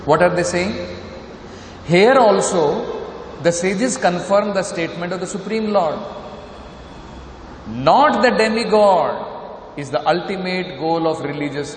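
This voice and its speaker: A man with an Indian accent giving a scripture lecture, emphatic, posing rhetorical questions and repeating his points. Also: on the high side. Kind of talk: sermon. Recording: echoey hall with faint noise.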